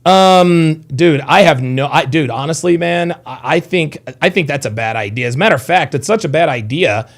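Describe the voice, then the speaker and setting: A man in his thirties talks off the cuff on a livestream, his voice slightly high and gravelly. He swings his pitch all over as he rambles, swears and reacts to viewers' chat. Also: expressive, normal speed, hardly any pauses. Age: 30s. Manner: rambling, profane, reads chat comments. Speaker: livestream host. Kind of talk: casual livestream commentary.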